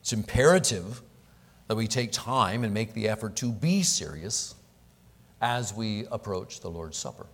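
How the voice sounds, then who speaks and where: Middle-aged male pastor, low voice, earnest and emphatic, reverberant church sound. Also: lively intonation. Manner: earnest, emphatic preaching with deliberate pauses. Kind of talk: prayer and sermon. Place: church sanctuary. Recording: long reverb of a church hall.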